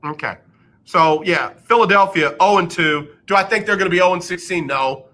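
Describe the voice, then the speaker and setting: A man's voice: sits high, normal speed, pushed and bright. A man hosting a radio sports show in a casual, joking tone, sarcastic and fond of repeating a punchline. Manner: sarcastic, repeats lines for comic effect. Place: radio studio.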